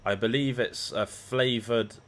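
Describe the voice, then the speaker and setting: A man's voice: mid-range voice, steady tone, a little slow, fairly bright tone. A man chatting casually on a livestream, rambling and swearing freely as he talks to his viewers. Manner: rambling, profane banter. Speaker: live trading streamer.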